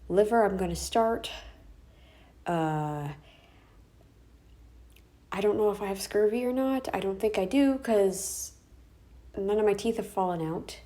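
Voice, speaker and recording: Filming a personal vlog indoors in her bedroom, a vlogger with a medium-pitched, dark-toned voice rants emotionally. She sounds worn out and close to tears, venting with frequent sighs and restarts.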